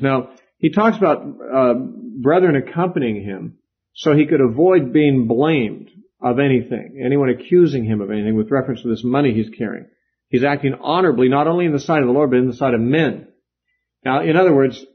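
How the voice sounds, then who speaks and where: A man's voice: mid-range voice, fairly quick, husky. A man teaching a Bible lecture in a conversational way, with fillers and asides. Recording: dull, lo-fi lecture recording.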